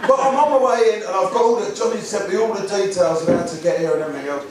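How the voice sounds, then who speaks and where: A man from Essex with an Essex accent, telling stand-up comedy stories in a deadpan way with stumbling restarts. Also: high-pitched, rapid-fire, a crowd in the background. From Basildon, Essex, England. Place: live event venue. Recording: echoey live room, distant mic, noisy.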